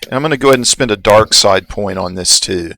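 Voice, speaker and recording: A man narrating as game master of a tabletop game, relaxed and halting, with many fillers. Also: lowish voice, vocal fry, dry recording, rough recording.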